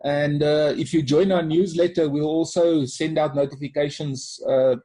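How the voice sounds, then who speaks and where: A man with a South African accent, co-hosting a webinar and talking in a calm, reflective way. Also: on the high side, normal speed. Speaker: webinar co-host. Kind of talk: casual webinar talk.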